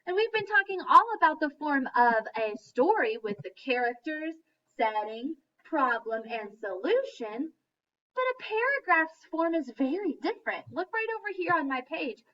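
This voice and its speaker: A woman teacher giving a lesson to young children, speaking slowly and clearly and chanting in a sing-song voice. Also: high voice, very animated, fairly bright tone, far from the mic, lo-fi sound, slight background noise. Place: classroom.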